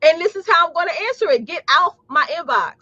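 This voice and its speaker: A woman's voice: very high-pitched, animated, quick pace, pushed and bright, dry recording, dull audio. A woman business coach hosting a live talk, blunt and sassy, calling her audience y'all and preaching about mindset. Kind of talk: live streamed motivational talk.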